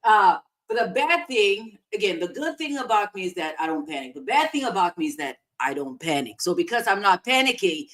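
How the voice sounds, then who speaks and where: A woman co-hosting a podcast, telling a story in a casual, animated way with big swings in loudness. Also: mid-range voice, brisk, few pauses. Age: adult parent of a young child. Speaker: podcast co-host.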